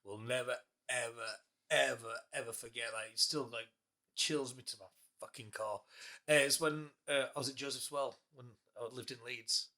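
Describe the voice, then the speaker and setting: A man's voice: mid-range voice, steady tone, normal speed, bright, forceful tone. A young man, hosting a casual podcast chat, teasing his guest and laughing often. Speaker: podcast host.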